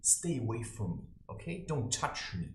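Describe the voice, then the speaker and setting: A man's voice: medium pitch, very animated, moderate pace, darkish tone. A man giving a preachy, theatrical, mocking satirical monologue to camera from his own room. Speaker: self-styled spiritual advisor. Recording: roomy echo.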